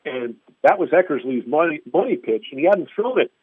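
Over a dry, tinny phone line, a male sports radio reporter swaps stories casually, voicing quotes in raised tones. His voice is a little high, animated and husky, and he talks briskly with no echo.

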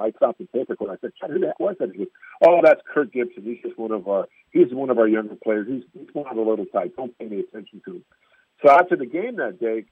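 A man's voice: medium pitch, husky, no room sound. A man, a sports radio reporter, telling stories in casual chat and acting out quotes in raised voices. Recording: tinny phone-line sound, dry.

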